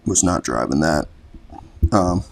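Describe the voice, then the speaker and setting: A young man with a very low voice talks loosely through a personal story as a podcast guest. He rambles, leans on "like", and curses casually. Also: expressive, unhurried, creaky. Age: young adult. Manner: laid-back, rambling, swears freely, fills with "like". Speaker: podcast guest, college lacrosse player.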